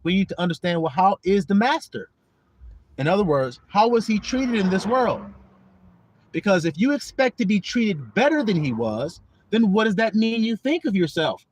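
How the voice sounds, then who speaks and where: High, lively man preaching with street slang. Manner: profane, mocking and laughing, rhetorical questions. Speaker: online preacher and livestream host.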